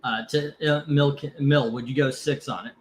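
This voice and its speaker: A man hosting a casual live comic book auction. He rambles between lot calls, curses freely and gets heated before calming himself down. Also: mid-range voice, moderate pace, slight background noise. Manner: rambling, cursing, gets heated over politics then calms down.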